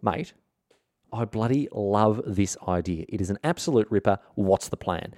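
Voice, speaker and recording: A man's voice: lowish voice, lively intonation, normal speed, darkish tone, no room sound, clean studio sound, natural voice. A man voicing a matey, scheming old pope in a comic retelling, with a conspiratorial, slangy way of talking.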